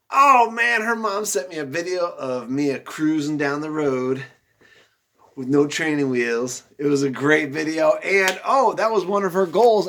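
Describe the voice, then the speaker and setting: A male teacher talking to young pupils in a video lesson, upbeat and encouraging, praising them by name. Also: fairly high pitch. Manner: slow, soft guided breathing.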